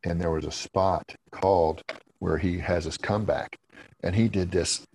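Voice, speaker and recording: A former wrestler telling rambling stories in a casual interview, laughing often and swearing freely. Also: male voice, sits low, fairly even intonation, normal speed, a little mellow, husky, rough recording.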